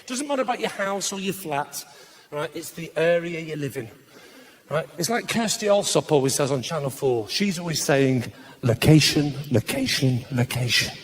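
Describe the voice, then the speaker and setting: A man doing live stand-up comedy, cheeky and brisk, bursting into shouted punchlines. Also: on the high side, animated. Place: live comedy stage before an audience.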